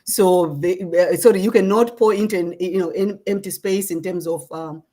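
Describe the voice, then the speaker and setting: A middle-aged Zimbabwean woman who advocates for social justice answers interview questions in an earnest, measured manner, often checking in with "right?". Her voice is lowish, steady and mellow.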